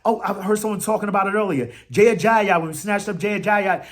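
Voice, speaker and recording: A man hosting a fan podcast, talking football in a casual, animated, trash-talking way, full of slang and fillers. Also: sits high, quick pace, hardly any pauses.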